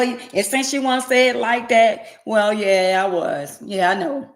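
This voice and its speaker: A woman, ranting bluntly and sassily to her livestream viewers and swinging between loud and quiet. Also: a little high, a little slow. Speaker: livestream host. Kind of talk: casual livestream rant to viewers.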